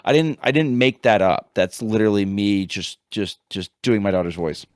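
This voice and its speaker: A man in his thirties from the United States, a teacher co-hosting a podcast, telling a casual story in a rambling, animated way with many restarts. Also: on the low side, normal speed, no echo. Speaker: podcast co-host, high school teacher. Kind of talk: casual chat.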